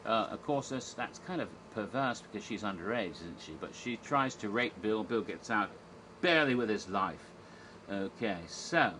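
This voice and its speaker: A man's voice: on the low side, lively intonation, moderate pace, sharp tone, a little hiss or hum, low-quality recording. Chatty man recapping a stage show. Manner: chatty, irreverent, acts out quoted lines. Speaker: theme park history vlogger. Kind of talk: casual retelling of a stage show.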